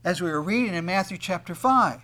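Male preacher, a touch high-voiced, dynamic sermon delivery that acts out the people he quotes. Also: lively intonation, a little fast. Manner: swings between loud emphasis and quiet asides; acts out quoted speakers in conversational tones. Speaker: pastor.

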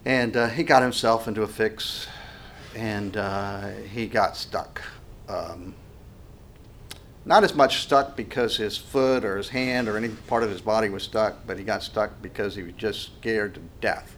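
A man's voice: on the low side, a little slow, fairly bright tone, a little hiss or hum. A middle-aged man preaching a sermon in an earnest, conversational way, with frequent restarts and fillers. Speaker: pastor.

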